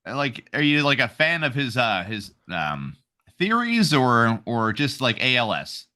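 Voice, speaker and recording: Man, podcast host, bright forceful tone, irreverent joking, rambling banter. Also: medium pitch, wildly swooping pitch, measured pace. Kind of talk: crude comedic podcast banter.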